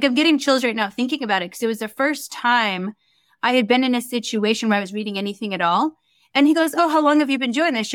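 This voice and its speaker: Her voice sits fairly high, with no echo in the recording. An Akashic record reader in her young adult years, she's a guest on a casual interview, animatedly recounting a story and voicing the dialogue she quotes.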